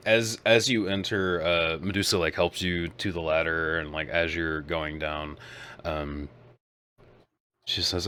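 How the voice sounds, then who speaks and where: A man running a tabletop game as game master, narrating in a casual, halting way and laughing often. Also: deep voice, steady tone, pushed and bright, slight background noise.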